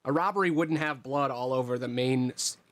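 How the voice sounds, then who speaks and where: A young man running a tabletop game as its game master, his voice sitting at an ordinary middle pitch. He narrates in a loose, casual way, swearing now and then and thinking out loud. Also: a little fast.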